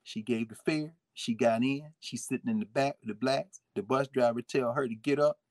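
A man giving a lively history lecture with folksy asides, swinging his volume up and down. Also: medium pitch, normal speed, dry recording. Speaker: history teacher. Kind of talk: lively history lecture with read-aloud quotes.

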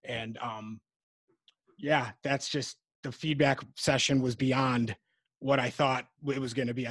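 A man hosting a podcast, talking in a relaxed, conversational way. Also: a little high, no room sound. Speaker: podcast host. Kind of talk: casual podcast interview.

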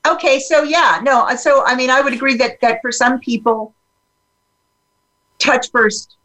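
A woman talking openly in a casual podcast conversation, animated and full of fillers and restarts. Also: sits high, measured pace, poor audio.

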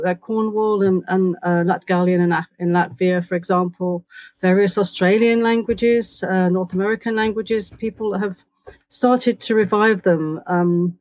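A woman's voice: lowish voice, darkish tone, dry recording. A woman researcher talking casually as an interview guest, with many hesitations.

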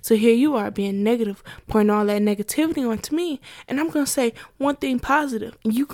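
A woman's voice: a little high, fairly quick, hardly any pauses, a little mellow, dry recording, clean studio sound. A young adult woman talking candidly to her listeners in a casual monologue, laughing often between points.

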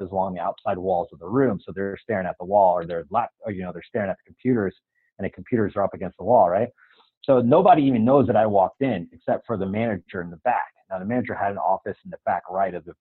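Husky guy telling his story in an interview, animated, sounds like he's on a phone line. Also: fairly low pitch. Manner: animated, laughs while telling. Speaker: guest. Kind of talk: storytelling in casual chat.

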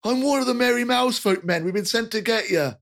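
A man's voice: very high voice, fast, creaky, a bit bright, voice pushed up, heavily acted. A man voicing a cheerful, rotund human with rosy cheeks who talks in an eager, apologetic rush.

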